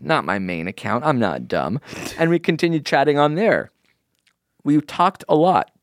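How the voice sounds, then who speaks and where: A podcast host chatting casually and reading out a listener's letter, wry and quick to laugh. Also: medium pitch, no echo, studio quality. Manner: lively, laughs often, wry.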